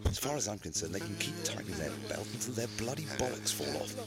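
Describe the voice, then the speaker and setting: A man's voice: on the low side, expressive, quick pace, creaky, loud music behind the voice. A man doing a pompous posh politician caricature. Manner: haughty, repeats shouted catchphrases. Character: pompous posh male prime minister caricature. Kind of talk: comedy game voice lines.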